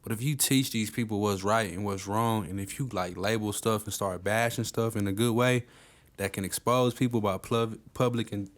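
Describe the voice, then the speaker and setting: A man from Texas co-hosting a casual podcast, blunt and emphatic in his slang. His voice sits a little low. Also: steady tone, moderate pace. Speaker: podcast co-host. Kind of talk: casual discussion.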